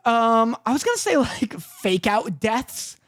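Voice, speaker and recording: Very high, lively-voiced young man podcasting. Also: a little slow. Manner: laughs often, riffs on jokes. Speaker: podcast co-host. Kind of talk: casual comedic podcast chat.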